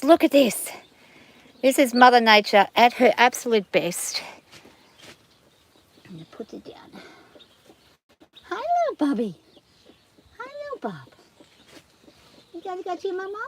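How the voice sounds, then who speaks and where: A woman vlogging casually on a farm, gushing excitedly and using baby talk with her animals. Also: high-pitched, measured pace, long pauses, a little hiss or hum. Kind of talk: casual vlog, talking to animals and viewers.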